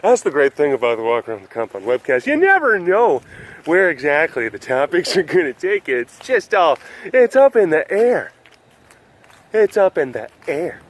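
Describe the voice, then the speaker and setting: A man's voice: a little high, very animated, moderate pace. A man hosting a casual webcast outdoors at an animal compound, rambling and joking with frequent laughs. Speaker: vlog host at a wild animal facility.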